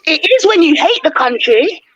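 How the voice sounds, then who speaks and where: A woman's voice: extremely high pitch, sing-song, normal speed, fairly bright tone, highs cut off. A woman from England arguing and mocking a man in a heated panel debate. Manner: taunting, mocking. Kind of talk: heated argument.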